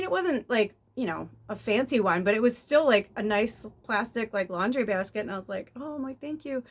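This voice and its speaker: A woman in her fifties chatting casually to camera at home, rambling with lots of fillers and the odd swear word. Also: fairly low pitch. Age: 50s. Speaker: spiritual medium and channel host.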